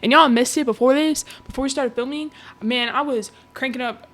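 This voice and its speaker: A young woman, co-hosting a casual podcast from a home kitchen, quick, joking and outspoken. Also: sits high, a bit bright. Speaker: podcast co-host. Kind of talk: casual chat.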